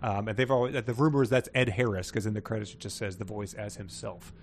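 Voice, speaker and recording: A man's voice: lowish voice, fairly even intonation, quick pace, a little hiss or hum. A man co-hosting a podcast, explaining in a rambling, casual way full of asides. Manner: rambling, filler-heavy explaining. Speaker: podcast co-host. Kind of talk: casual chat.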